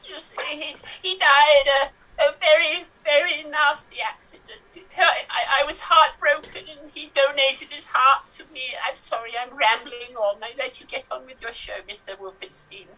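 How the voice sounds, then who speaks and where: A woman's voice: sits high, fairly even intonation, normal speed, hardly any pauses, sharp tone. A woman voicing a frail, rambling 85-year-old grandmother in live improv comedy, heard from a distance. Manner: doddery, rambling, cheeky.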